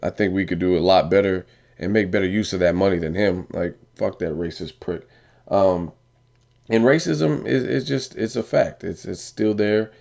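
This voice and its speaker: A man's voice: deep voice, fairly even intonation, moderate pace, gravelly, a little mellow. A man giving a blunt, profane opinion rant to camera, often asking "you know what I mean.". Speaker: boxing vlogger.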